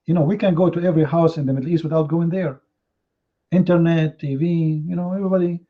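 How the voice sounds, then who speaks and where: A man with a rather high voice hosts a heated live online debate, goading his opponents with sarcastic rhetorical questions. His English is non-native in its grammar. The stream audio sounds a little dull and muffled. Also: steady tone, quick pace. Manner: confrontational, mocking, rhetorical questions. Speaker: debate host.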